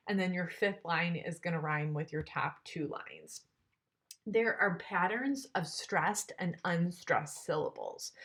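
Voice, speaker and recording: A woman's voice: fairly low pitch, fairly bright tone. A woman teacher giving a classroom tutorial, explaining patiently with some fillers.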